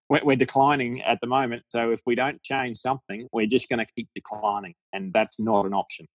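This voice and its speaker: A man's voice: mid-range voice, fairly even intonation, a little fast, no echo. A man with an Australian accent talking as a deacon guest in a frank, jokey podcast chat, laughing often. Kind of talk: casual podcast conversation.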